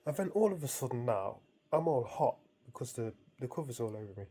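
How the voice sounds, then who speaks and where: A man's voice: mid-range voice, expressive, fast talker, hardly any pauses, dark tone. A man casually recounting a dream to his viewers, amused and rambling, with frequent restarts. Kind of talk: casual storytelling.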